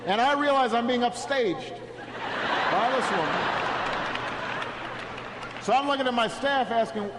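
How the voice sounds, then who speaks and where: Man, podium speaker, halting storytelling speech, noisy hall ambience. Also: very high-pitched, a loud crowd. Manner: halting, repeats words at restarts; builds to a rousing, shouted close. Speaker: political speaker. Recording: echoey hall with steady background noise.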